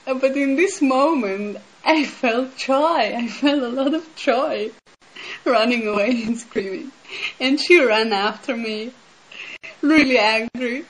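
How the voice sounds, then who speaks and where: A woman's voice: fairly high pitch, slow pace, low-quality recording. A woman from Switzerland, speaking in a casual spiritual talk and sharing her own experiences in an earnest, reflective way, often saying "like" and "um". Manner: earnest, reflective, with many "like" and "um" fillers. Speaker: speaker sharing personal insight.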